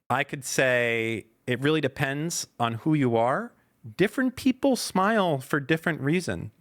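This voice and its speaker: A man doing an overcautious AI assistant that dodges every question, drawn out and mock-sincere. The pitch swings around a lot while it hedges. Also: a bit bright. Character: overcautious evasive AI assistant, female.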